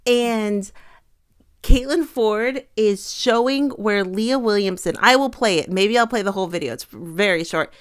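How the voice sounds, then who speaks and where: A woman's voice: mid-range voice, measured pace, clean tone, no echo, clean studio sound. A woman co-hosting a casual chat about a sports team, retelling video clips and laughing often. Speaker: co-host.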